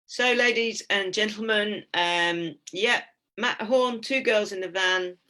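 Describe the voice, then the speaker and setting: Brief: woman in her fifties, speaker at a talk, mid-pitched voice, lively, blunt humor, storytelling pace. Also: unhurried. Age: 50s.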